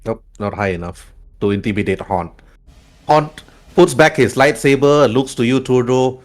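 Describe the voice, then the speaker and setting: A man running a tabletop game as game master, narrating and making brisk, plain rule calls. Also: medium pitch.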